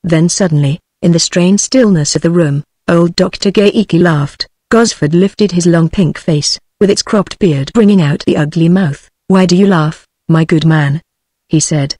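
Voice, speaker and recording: A text-to-speech voice narrating an old detective story audiobook in an even, mechanical reading. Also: medium pitch, normal speed, few pauses, no room sound, clean studio sound.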